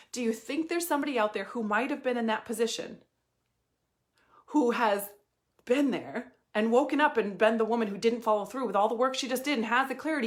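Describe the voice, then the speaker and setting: A woman in her thirties talks straight to her followers as a life and money coach. Her voice sits a little high. She is emphatic, swears freely and breaks into laughter now and then. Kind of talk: casual motivational monologue.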